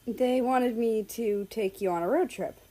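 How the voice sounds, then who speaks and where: A woman's voice: on the high side, measured pace, mellow. A woman reading a story aloud and voicing an eager, friendly young man who plays a personified country, in a lightly lifted voice.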